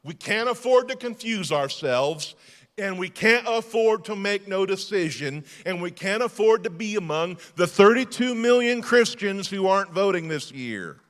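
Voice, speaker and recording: A male lead pastor preaching a sermon emphatically, moving between loud declarations and hushed passages. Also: high-pitched, expressive, normal speed, in a large hall. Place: church sanctuary.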